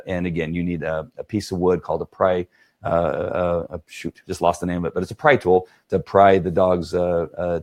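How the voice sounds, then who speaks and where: A man's voice: sits low, darkish tone. A man who trains dogs, talking earnestly to viewers on a live stream, with many fillers and restarts. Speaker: dog trainer.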